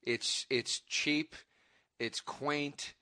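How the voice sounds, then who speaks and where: Male comic, grumbling storyteller, slightly high voice with a sharp, bright edge. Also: steady tone, extremely slow, clean tone. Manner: profane, storytelling, easily annoyed. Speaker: comedian guest. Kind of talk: casual comedy chat.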